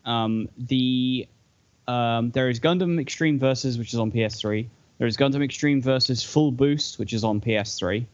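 A man co-hosts a casual chat at a middle pitch, heard over slightly dull audio. He explains the details patiently but haltingly, stopping often for fillers. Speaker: podcast co-host.

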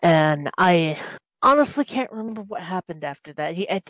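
A woman's voice: lowish voice, animated, normal speed, a bit bright, dry recording, poor audio. A woman casually recapping a video game's story on a podcast, rambling with many restarts and fillers. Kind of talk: casual game plot recap.

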